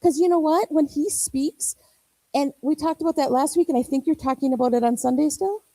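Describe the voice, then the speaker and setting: A woman in her forties delivers a church sermon in a high, mellow voice, drily recorded. She tells personal stories with animation, acting out the voices of the people she quotes. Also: fairly quick, no room sound, low-quality recording. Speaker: preacher.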